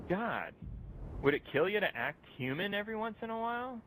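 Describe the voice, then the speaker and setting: A man's voice: high voice, big pitch swings, brisk, noisy background. A young man delivering a mocking, profane rant aimed at other online commentators, laughing at his own jokes. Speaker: youtuber ranting at other channels.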